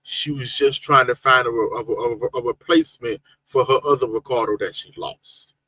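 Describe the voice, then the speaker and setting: A man's voice: medium pitch, moderate pace, bright, forceful tone, husky, no echo, rough recording. A man co-hosting a casual livestream chat, easygoing, laughing often and restarting his sentences. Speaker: podcast co-host.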